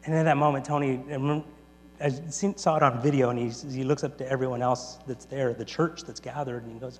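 A man preaching a sermon, retelling a story in an animated way, swinging between loud and quiet with quick restarts. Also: medium pitch, faint music behind. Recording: long reverb in a large hall, faint mains hum.

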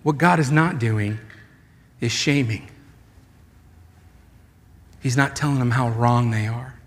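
A man preaching a sermon as a pastor, conversational and animated, with playful asides. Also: mid-range voice, takes it slowly, long reverb tail.

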